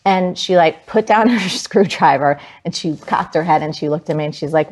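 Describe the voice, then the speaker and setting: Speaking at an ordinary pace in a deep voice, a New Jersey woman in her forties brings a personal story to life for an interviewer. Her telling is spirited and full of "like"s.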